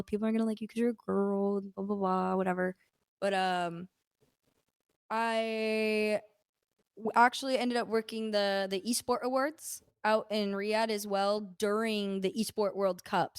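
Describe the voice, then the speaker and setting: A woman's voice: mid-range voice, smooth, no room sound. Chatty young woman, dry close sound. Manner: chatty storytelling with many fillers. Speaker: esports caster and event host. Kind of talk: casual podcast chat.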